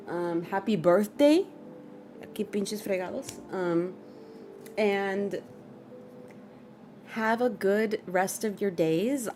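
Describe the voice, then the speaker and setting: Slow-talking giggly woman streamer. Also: mid-range voice, darkish tone, slight background noise. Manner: giggly, reads chat comments aloud. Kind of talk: casual live-stream chat.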